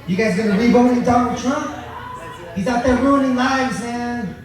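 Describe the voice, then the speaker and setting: A man with a very high voice runs through a crude, profane stand-up routine at a moderate pace, deadpan and boasting, with crowd noise around him. The open mic room is very echoey and he is recorded from a distance.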